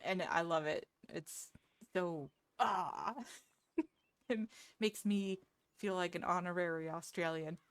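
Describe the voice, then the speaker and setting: Slow-talking, self-mocking woman streamer. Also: lowish voice, fairly even intonation, clean tone, no echo. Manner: chatty and self-deprecating, laughs often. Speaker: streamer chatting with viewers. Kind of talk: casual live-stream chat.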